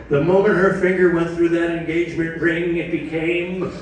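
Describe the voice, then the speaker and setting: A man doing stand-up comedy, self-deprecating and chatty with the crowd. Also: on the high side. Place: cruise ship theater. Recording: echoey hall, distant mic, audience noise.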